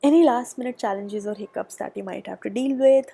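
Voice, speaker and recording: A woman talks through a tarot reading in a chatty, thinking-aloud way. Her voice sits a little high and sounds husky and congested from a cold. She drops into soft, murmured asides as she goes. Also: brisk. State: nasal from a cold. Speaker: tarot reader. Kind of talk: pick-a-pile tarot reading. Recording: background noise.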